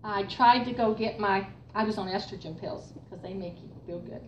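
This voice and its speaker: An older woman telling a faith testimony to a church group, animated and storytelling. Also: mid-range voice, moderate pace, muffled recording. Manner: animated storytelling, laughing through excited parts. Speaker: speaker giving a testimony. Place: room with a gathered group. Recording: roomy, distant mic with faint noise.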